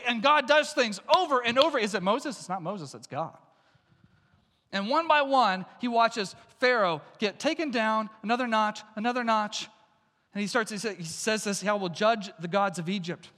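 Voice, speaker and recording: A man's voice: very high-pitched, sharp tone, big-room sound. A man preaching a sermon as pastor, emphatic and repeating lines for stress.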